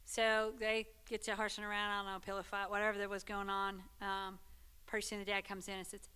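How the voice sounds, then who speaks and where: Bright, clear-voiced woman teaching. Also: medium pitch, completely flat delivery, brisk. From Texas. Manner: conversational, checks in with listeners. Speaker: Sunday school teacher. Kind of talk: church teaching talk.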